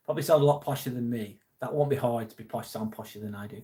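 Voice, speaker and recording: A man's voice: medium pitch, fairly quick, a little mellow. A man from England with a Lancashire accent, hosting a live stream in casual chat, reading viewer comments aloud and answering earnestly with the odd swear. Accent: Lancashire English. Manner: earnest, supportive, swears now and then.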